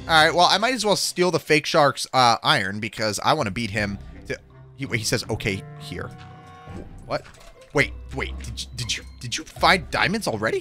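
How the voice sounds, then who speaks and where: Brief: young male gaming host, high-ish and animated, jokey reactions. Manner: excitable, jokey, quick reactions. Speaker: gaming YouTuber. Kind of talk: Minecraft gameplay commentary. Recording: faint music behind the voice.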